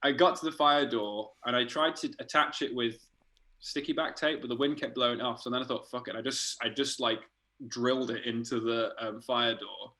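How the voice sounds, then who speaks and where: A man, an art director, casually telling animated stories in a podcast chat, laughing and swearing as he goes. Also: medium pitch, normal speed, rough recording.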